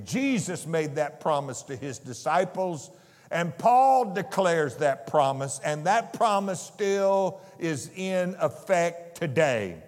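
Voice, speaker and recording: A man with a high voice preaches a sermon slowly and with emphasis, leaning hard on key words. His voice rings out with a long reverb, as in a church sanctuary. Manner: slow, emphatic preaching that builds in intensity.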